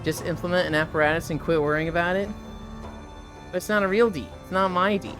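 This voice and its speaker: A woman's voice: fairly low pitch, quick pace, music in the background. Crude, chatty woman streamer. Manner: crude, animated storytelling; reads chat messages aloud. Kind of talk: casual live-stream chat.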